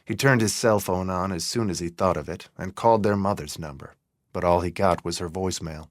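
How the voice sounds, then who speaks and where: Hörbuchsprecher, männlich, ruhig und gemessen, trockener Klang. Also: male voice, low voice, no echo, studio quality. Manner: calm, measured reading. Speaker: audiobook narrator. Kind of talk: scripted narration.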